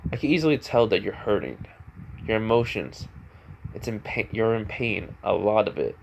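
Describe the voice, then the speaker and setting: A man voicing a calm, eerie young male hero with devil powers, in a flat, matter-of-fact delivery. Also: lowish voice, normal speed, gravelly, slight background noise, poor audio.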